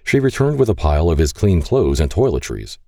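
A man narrates a romance audiobook in an extremely deep, husky voice. His intonation rises and falls in a lively way, and the tone stays dark and mellow. The recording is dry and close. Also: fairly quick.

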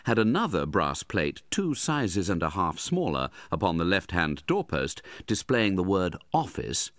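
A man narrating a classic novel as an audiobook, measured and expressive. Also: low-pitched, no echo, studio quality.

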